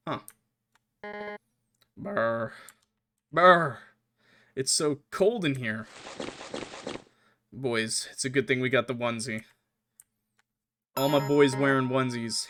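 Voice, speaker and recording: A man streaming a game, reading the characters' lines aloud in put-on higher voices between joking and swearing. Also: noisy background. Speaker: gaming streamer. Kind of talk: let's play with voiced dialogue reading. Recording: music playing behind the voice. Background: game music.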